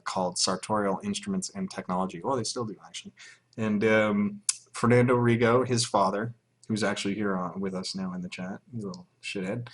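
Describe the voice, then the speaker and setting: A man chats casually on a livestream, rambling through viewers' questions from chat, swearing and laughing often. His voice is on the low side with a fairly bright tone.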